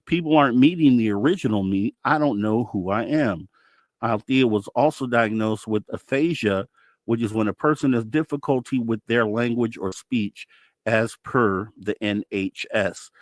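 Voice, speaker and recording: A man's voice: mid-range voice, moderate pace, no echo. A man hosting a paranormal talk show, reading weird news stories aloud and stumbling over words now and then before correcting himself. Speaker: podcast host.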